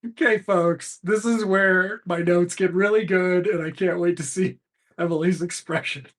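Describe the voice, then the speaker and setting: A man's voice: high-pitched, steady tone, moderate pace, fairly bright tone. A man co-hosting a podcast, recapping a TV episode in a casual, profane, sarcastic and joking way. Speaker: podcast co-host.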